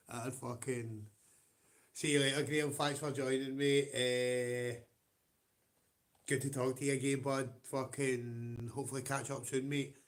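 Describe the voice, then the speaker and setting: Sweary Scottish man chatting on a stream. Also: mid-range voice. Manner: swears constantly, laughs often, rambling. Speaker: livestream host. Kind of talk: casual chat with viewers.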